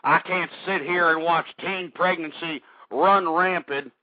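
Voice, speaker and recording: A man with a hoarse, high voice harangues his talk radio audience, calling them folks as he swears and rants with indignation, yet keeps a steady tone and measured pace. The audio is thin and telephone-like, completely free of room echo.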